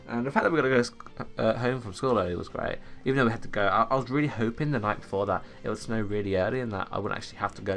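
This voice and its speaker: A man's voice: mid-range voice, creaky, fairly bright tone. Teen boy, rambling gameplay chat, desktop USB mic, faint music behind. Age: teens. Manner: rambling, chatty storytelling. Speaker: gaming YouTuber. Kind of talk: casual gameplay commentary. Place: home room. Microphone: USB desktop microphone.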